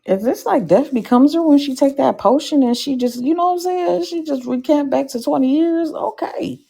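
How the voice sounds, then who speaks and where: A woman hosting a live podcast show, telling stories in an animated, slangy way with comic asides to the audience. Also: high-pitched, normal speed, gravelly. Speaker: podcast host.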